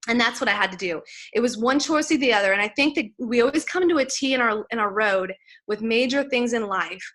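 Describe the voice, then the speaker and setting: Bright-voiced woman giving a fired-up testimony. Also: a little high, lively intonation, brisk. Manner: emotional, earnest, building to fired-up preaching; chatty, many "like"s and "you guys". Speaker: speaker at a sales team event. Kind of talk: motivational faith testimony speech.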